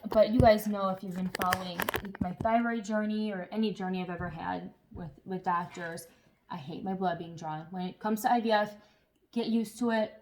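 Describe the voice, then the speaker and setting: A woman chatting casually to camera as a vlogger, telling stories in an animated way with some swearing. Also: medium pitch, normal speed, slight background noise.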